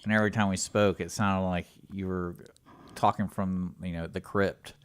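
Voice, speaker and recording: A man's voice: deep voice, steady tone, moderate pace, clean tone, dry recording. A man co-hosting a talk radio show, chiming in with dry, teasing remarks. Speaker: radio co-host. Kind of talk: casual talk radio chat.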